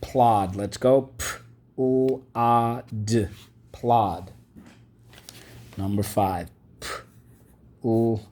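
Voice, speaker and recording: A man's voice: mid-range voice, fairly even intonation, drawn-out words, long pauses, darkish tone. A man teaching a vocabulary and phonics lesson, patiently repeating each word and asking the class to say it back. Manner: patient, repeats words and asks the class to echo them.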